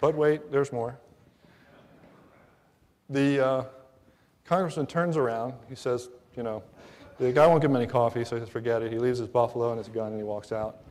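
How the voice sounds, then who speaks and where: A man telling a long joke in a meandering way, with restarts and pauses, heard with a long hall reverb. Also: medium pitch, a little mellow, a little hiss or hum.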